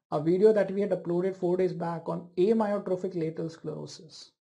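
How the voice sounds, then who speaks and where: A woman's voice: on the low side, creaky, warm tone. A woman with an Indian English accent giving an online medical class, questioning students and imitating patients' speech to demonstrate it. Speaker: medical lecturer. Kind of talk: online interactive class lecture.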